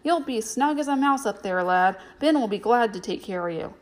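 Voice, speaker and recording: A woman's voice: a little high, animated, normal speed, lightly acted. A woman voicing a sour, scheming man who runs a circus concession stand, reading from a storybook. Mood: fawning. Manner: sour, wheedling.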